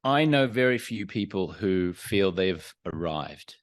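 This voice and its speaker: A man answers interview questions candidly, measured and thoughtful. His voice sits low. The sound is dry, with little room around it. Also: animated, no echo. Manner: frank, self-examining, measured. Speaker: podcast guest. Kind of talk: candid, reflective interview talk.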